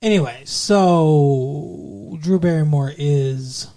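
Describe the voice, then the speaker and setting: A man's voice: on the high side, extremely slow, mellow. A man co-hosting a podcast, chatting casually about a movie in a rambling, profane way. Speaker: podcast co-host. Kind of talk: casual movie-review chat.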